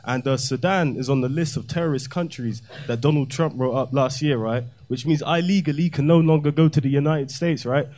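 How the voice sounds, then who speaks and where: A young man doing a deadpan, self-mocking, slangy stand-up set in a comedy club. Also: a little high, brisk, hardly any pauses. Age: young adult.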